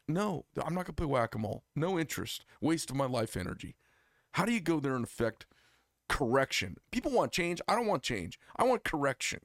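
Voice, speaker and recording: A man's voice: on the high side, big pitch swings, a little fast, no echo, clean studio sound. A man from the United States hosting a casual political chat, heated and emphatic, his voice climbing sharply when outraged and dropping into mild swearing. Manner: heated, emphatic, rising to near-shouts of outrage with profanity. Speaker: podcast host.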